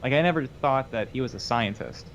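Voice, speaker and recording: A man's voice: mid-range voice, brisk, a little hiss or hum. A man co-hosting a live painting stream, talking casually about his model and cursing lightly. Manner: relaxed, drawls, swears lightly. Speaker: co-host of a miniature painting stream. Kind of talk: casual chat while painting.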